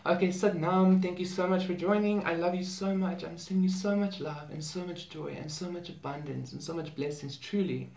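A man who works as a spiritual channel, talking in an earnest, effusive vlog manner and repeating words for emphasis. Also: on the high side. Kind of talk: heartfelt spiritual vlog talk. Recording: roomy echo, mic at a distance.

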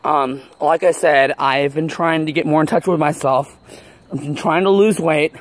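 A man's voice: on the high side, fairly even intonation, moderate pace, dry recording, natural voice. An actor playing a nervous, out-of-shape man who rambles apologetically while vlogging outdoors, out of breath. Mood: flustered. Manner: apologetic, rambling, with many ums. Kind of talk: film acting as a self-filmed video log. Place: outdoors, walking near an apartment complex.

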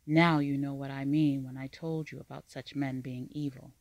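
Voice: medium pitch, flat delivery, normal speed, a little mellow, no room sound, natural voice. A narrator voicing a polite household servant woman who speaks urgently and warns of danger.

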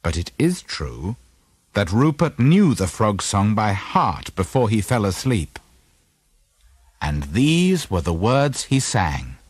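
Husky male storybook narrator. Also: lowish voice, slow, no room sound. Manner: gentle, expressive storytelling.

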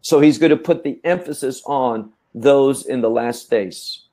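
A man teaching scripture in a measured, emphatic way, often repeating words as he thinks. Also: medium pitch, warm tone. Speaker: Bible teacher. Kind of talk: teaching talk.

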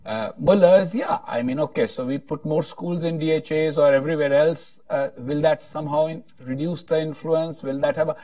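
A man's voice: a little high, normal speed, hardly any pauses, warm tone, no room sound, far from the mic. A man moderating a panel discussion, talking in a rambling, hesitant way with frequent restarts.

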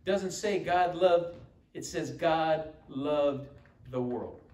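A man's voice: a little high, takes it slowly, dark tone. Male pastor, fervent sermon delivery, roomy church echo. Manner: emphatic, quoting scripture with call-and-response. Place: church sanctuary. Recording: echoey church room from far off.

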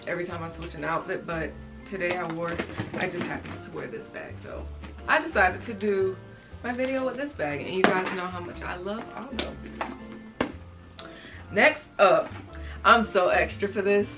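A young woman showing what's in her bag to her viewers, chatty and casual, calling them y'all. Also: fairly low pitch. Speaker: beauty vlogger. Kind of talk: casual show-and-tell vlog.

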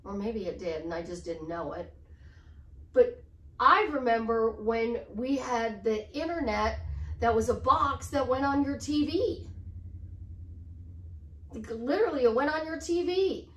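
A woman's voice: a little high, expressive, a little slow, long pauses, muffled recording. A middle-aged woman life coach chatting to camera in an upbeat way, repeating affirmations with chatty asides. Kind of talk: casual motivational talk to camera. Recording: roomy sound, distant from the mic.

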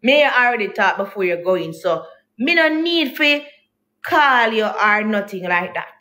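A woman's voice: medium pitch, big pitch swings, normal speed, sharp tone. A young woman, telling her viewers a heated, indignant story about a partner, repeating herself as she vents. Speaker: vlogger. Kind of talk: emotional storytime rant to viewers.

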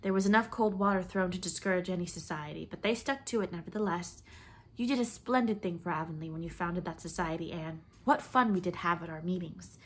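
A woman voicing a calm young mother who speaks with gentle, knowing assurance. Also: fairly low pitch, a little fast, slightly rough. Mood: assured.

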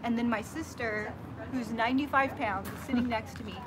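A woman hosting a casual chat, telling a story in an animated way and acting out what people said. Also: fairly high pitch, a little fast. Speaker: host. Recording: background noise from a nearby worker.

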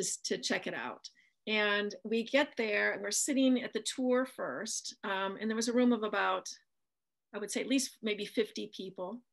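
A woman's voice: mid-range voice, vocal fry, a bit bright. A middle-aged woman from the American Midwest, an author chatting in an interview and telling a long anecdote with lots of ums. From Midwestern United States. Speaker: author guest. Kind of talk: casual interview storytelling.

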